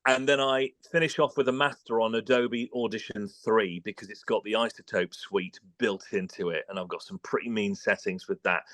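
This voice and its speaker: With a lowish voice and a moderate pace that hardly pauses, an English voice-over artist chats casually in an interview. He speaks with a British accent and animatedly acts out studio exchanges in quoted voices, and there's no echo.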